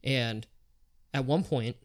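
Podcast host, male, casual storyteller, lively quoting of others. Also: mid-range voice, slow. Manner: animated retelling with quoted voices, swearing.

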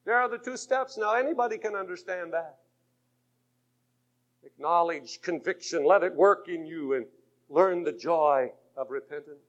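A man preaching a sermon, swinging between fervent shouts and hushed, intimate passages. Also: fairly high pitch, lively intonation, normal speed. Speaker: pastor. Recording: muffled lo-fi 1980s tape.

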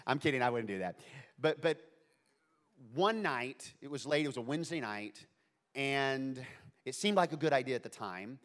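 Playful storytelling preacher, reverberant hall. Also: male voice, medium pitch. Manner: animated, playful, full of asides. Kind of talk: humorous storytelling sermon.

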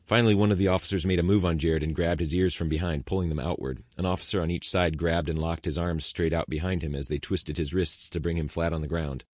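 Deep-voiced male audiobook narrator. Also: steady tone, quick pace, few pauses, darkish tone, no room sound, clean studio sound. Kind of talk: scripted narration.

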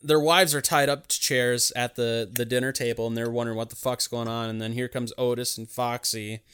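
A man casually recapping a film in a rambling, profane, animated way. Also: mid-range voice, brisk, smooth.

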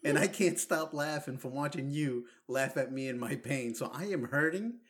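A man's voice: mid-range voice, moderate pace. Teasing man in casual chat. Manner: dry teasing, laughs often.

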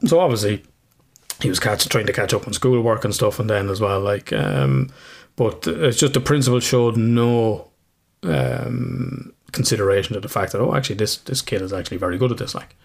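Man, 30s, gravelly podcast co-host, rambling and loose, swears freely. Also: on the low side, animated, normal speed. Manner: rambling, swears casually, laughs often. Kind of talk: casual chat.

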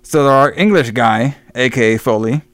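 A man's voice: mid-range voice, normal speed, a bit bright, no room sound. A man co-hosting a casual horror movie podcast, retelling scenes in a loose, profane way. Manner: loose, profane, acts out scenes with quoted voices. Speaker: podcast co-host reviewing horror films. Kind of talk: casual chat.

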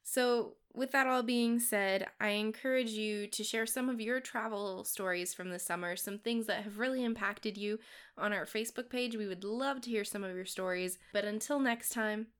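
A woman's voice: medium pitch, normal speed, a bit bright, smooth. A woman hosting a faith podcast, talking in an earnest, encouraging way with casual fillers. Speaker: podcast host. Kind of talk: devotional podcast talk.

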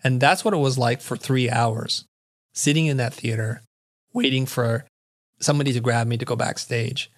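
A middle-aged man, a guest on an interview show, spins a lively story at a medium pitch. He slips into the voices of the people he quotes to act out the scene. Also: moderate pace. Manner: vivid storyteller who acts out quoted dialogue. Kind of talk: animated storytelling in conversation.

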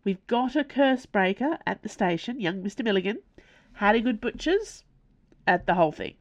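A woman reading aloud voices a gruff, sheepish police sergeant who talks in plain colloquial phrases. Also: medium pitch, lively intonation, normal speed, no echo, muffled recording, pitched above the performer's own voice, natural voice. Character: gruff, sheepish, bashful working-class police sergeant, man. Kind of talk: audiobook character voice.

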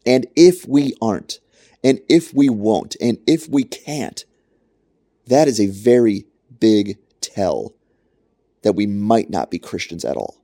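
A man's voice: on the low side, lively intonation, slow pace, dark tone, no room sound. A man preaching a short podcast sermon into a close mic, emphatic and repeating his points for stress. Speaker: pastor.

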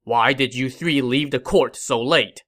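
A man's voice: medium pitch, unhurried, a bit bright, close to an everyday voice. A man reading a scornful, domineering regent. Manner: scornful, accusing. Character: domineering ruthless male regent, easily enraged.

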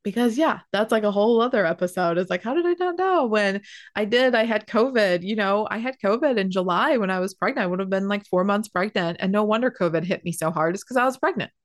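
A woman's voice: mid-range voice, fast talker, hardly any pauses, no echo, clean studio sound. Young female podcast host, chatty and heartfelt, talks in loose run-on sentences with lots of fillers. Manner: chatty, emotional, many fillers and restarts. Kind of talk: casual personal storytelling.

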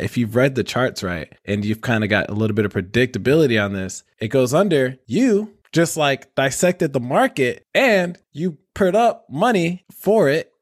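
A male podcast host in loose, animated chat, cracking jokes and swearing without a filter. His voice sits at an ordinary middle pitch. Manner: animated, joking, swears freely. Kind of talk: casual chat.

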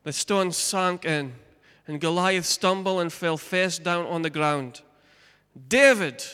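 Pastor with a bright, ringing voice. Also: male voice, sits high, clean tone, big-room sound. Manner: animated storytelling, asides to the congregation. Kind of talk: sermon with scripture reading.

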